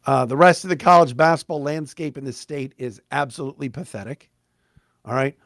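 A man's voice: mid-range voice, a little fast, fairly bright tone, no echo, clean studio sound. A middle-aged man hosting a sports podcast, delivering a blunt, emphatic, sarcastic monologue. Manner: blunt, emphatic, sarcastic, mocks fans in put-on voices.

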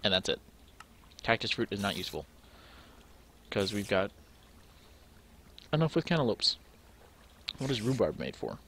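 A young man with a fairly low voice talks his way through a game, musing aloud as he sorts and checks things. It is loose, casual play-along commentary with a faint hum of ambience underneath. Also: lively intonation, moderate pace, pauses often, a bit bright. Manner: thinking aloud, musing to himself while sorting items. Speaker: let's play gamer.

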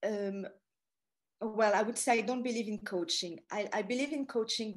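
French lady chatting over a video call, slightly high voice, lots of restarts, middle-aged. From France. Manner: chatty, halting, many restarts. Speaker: guest speaker, tour guide.

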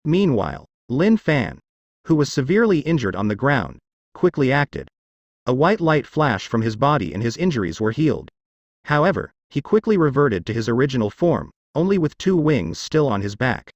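A man's voice: mid-range voice, big pitch swings, moderate pace, no room sound, studio quality. A man narrating a fantasy web novel as an audiobook, telling the story expressively.

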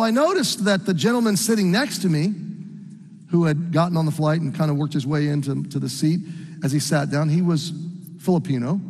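Man, pastor, middle-aged, american, earnest, halting, high voice, hall reverb. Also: vocal fry, a little mellow. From United States. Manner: earnest, halting with restarts and fillers. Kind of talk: sermon storytelling.

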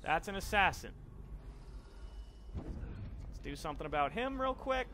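A young man narrates his own gameplay in a bright, lively voice that swings widely in pitch. He is casual and quick to swear, bursting into excited shouts when caught. Faint background noise sits under the recording, and his voice is a little higher than most men's. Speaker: let's play commentator.

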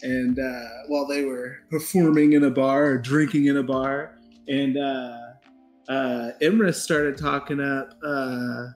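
A man player describing his character in casual game chat, halting, with many pauses and fillers. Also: mid-range voice, fairly even intonation, faint music behind. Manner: hesitant, halting, many ums.

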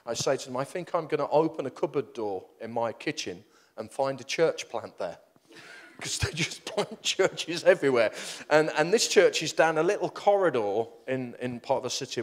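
A middle-aged man with a mid-range voice preaches a storytelling sermon. He's animated and pokes fun at himself, rambling and restarting as he goes.

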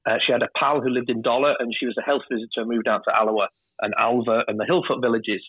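A northern English man in his fifties tells stories quickly and bluntly, swearing freely. His voice is a little husky. It comes through dry and thin, as over a phone line. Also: mid-range voice, little pitch movement, no echo. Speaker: guest, television director. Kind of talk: casual interview storytelling.

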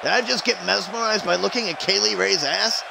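Male stream commentator, announcer energy, high and very gravelly. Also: fairly quick, a crowd in the background, background noise. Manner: hype announcer, chatting to live stream viewers. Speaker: wrestling commentator. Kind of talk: play-by-play commentary of a video game wrestling show.

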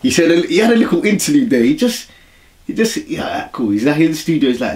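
A man's voice: on the high side, big pitch swings, quick pace, a little mellow. A man giving casual reaction commentary on a song in slangy, laid-back chatter. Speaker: reaction video host.

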